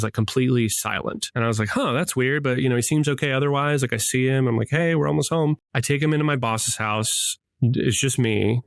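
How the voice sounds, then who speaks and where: Man, 30s, podcast co-host, mid pitch, dry close mic, chatty storyteller who hedges and restarts a lot. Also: no echo. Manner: chatty, rambling with many fillers and self-corrections. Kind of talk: casual conversational storytelling.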